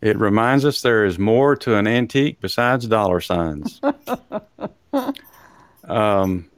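A man's voice: fairly low pitch, slow pace, smooth, dry recording. Man, Texan accent, show host, rambling chat, chuckling, dry close sound. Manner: rambling, chuckles often, hesitant with fillers. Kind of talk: casual podcast chat.

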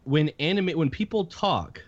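A man's voice: fairly high pitch, very animated, moderate pace, highs cut off. A man co-hosting a casual gaming chat, rambling with many restarts and fillers. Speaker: podcast co-host.

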